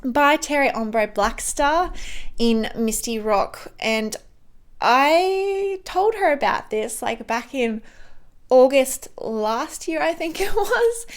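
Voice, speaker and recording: A young woman talks through her makeup routine at home in a loose, rambling way, with plenty of ums and restarts. Her voice sits a little high. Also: expressive, slow pace. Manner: rambling, with many fillers and restarts. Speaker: beauty vlogger. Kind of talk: chatty get-ready-with-me update.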